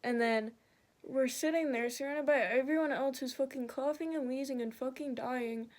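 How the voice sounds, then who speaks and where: Young woman, high voice, casual makeup storytime, chatty, swears a lot. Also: normal speed. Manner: chatty, swearing, animated retellings.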